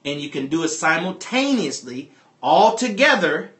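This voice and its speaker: Bright, preacher-like man repeating his points. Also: fairly high pitch, sing-song, moderate pace, reverberant. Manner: preacher-like, repeats key phrases, addresses "brothers and sisters". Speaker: financial talk host. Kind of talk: live-stream motivational talk. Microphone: phone or webcam on a live stream.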